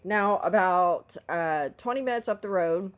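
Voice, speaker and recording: A woman's voice: on the low side, measured pace, clear, resonant tone. A middle-aged woman telling a story in a casual vlog, talking in an exasperated, vocal, ranting way. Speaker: vlogger.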